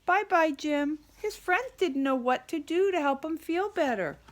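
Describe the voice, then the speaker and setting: A woman reads a children's picture book aloud with a high voice that rises and falls a lot. She takes her time and keeps it animated. She stops now and then to ask her young listeners questions. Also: a little slow. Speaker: teacher reading aloud to children.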